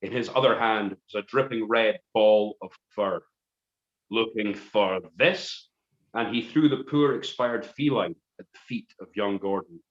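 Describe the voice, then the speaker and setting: A man's voice: on the low side, moderate pace, hardly any pauses. A man narrating a comic story in a mock-dramatic way. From Scotland. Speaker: musician reading a story on a live stream. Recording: roomy, dull live stream audio.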